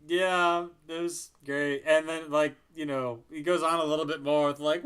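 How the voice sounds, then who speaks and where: A man's voice: on the high side, steady tone, normal speed, hardly any pauses, a bit bright, clear, resonant tone. A man co-hosting a podcast, rambling casually about a movie and laughing often. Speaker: podcast co-host. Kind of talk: casual movie review chat.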